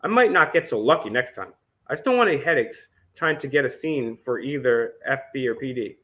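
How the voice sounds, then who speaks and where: This man's medium-pitched voice is expressive and a little fast. He reads documents aloud as an independent news host on his vlog, peppering them with sarcastic, indignant commentary and frequent swearing. The recording sounds dull and lo-fi.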